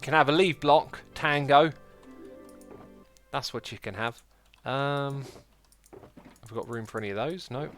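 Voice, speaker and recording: An unhurried gamer hosting a livestream leaves long pauses, his medium-pitched voice fairly bright over faint music. He talks casually, voices viewer comments, and jokes about himself.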